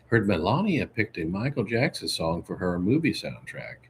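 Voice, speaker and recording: A man's voice: deep voice, sing-song, normal speed, slight background noise. A man hosting a casual livestream, rambling through chat questions and answering them one by one. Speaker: livestream host.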